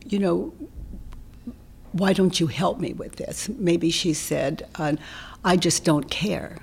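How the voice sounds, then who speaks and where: A woman guest in an interview, explaining her ideas in a gentle, reflective way that often drops into a soft whisper. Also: on the low side, gravelly, breathy edge. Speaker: interview guest, self-inquiry teacher.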